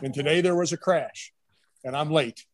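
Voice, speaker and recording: A middle-aged man with a husky, slightly rough voice tells coaching stories at an easy conversational pace. He rambles from one anecdote to the next and slips into quoted lines from old bosses and his wife. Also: on the high side, moderate pace, low-quality recording. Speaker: retired college football coach and staffer. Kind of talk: casual storytelling interview. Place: brewery.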